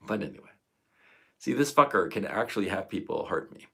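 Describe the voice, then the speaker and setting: A man's voice: sits low, normal speed, creaky, pauses often, a bit bright, breathy edge. A man in his fifties ranting on a live stream, emotional and profane. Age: 50s. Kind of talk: angry live stream monologue.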